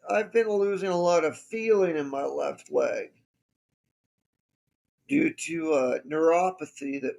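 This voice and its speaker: Man podcast host, unhurried gravelly voice, wry casual storytelling. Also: fairly high pitch.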